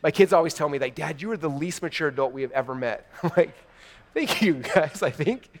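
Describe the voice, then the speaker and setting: A man in his thirties giving an energetic keynote to a large live audience, telling stories excitedly and talking to the crowd as "you guys". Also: a little high, a little fast, long reverb tail. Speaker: keynote speaker. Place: large event hall before a live audience.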